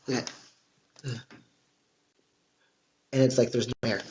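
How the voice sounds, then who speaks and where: A man's voice: medium pitch, steady tone, takes it slowly, muffled recording, background noise. A man chatting casually on a livestream from his home, rambling and swearing often. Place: at home, indoors.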